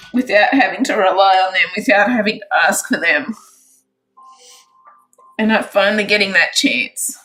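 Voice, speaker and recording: A woman hosting a casual crafts livestream, emotional and teary, repeating herself with excitement. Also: medium pitch, low-quality recording. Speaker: crafts channel host.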